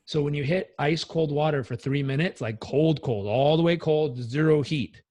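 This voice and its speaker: Energetic, blunt male life coach. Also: on the high side, normal speed, no echo. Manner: energetic, blunt, swears freely. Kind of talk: casual interview storytelling.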